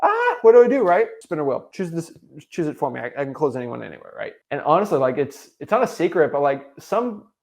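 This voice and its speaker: A man's voice: a little high, expressive, brisk, vocal fry, hardly any pauses. A young man coaching real estate wholesalers, delivering an emphatic, repetitive motivational talk.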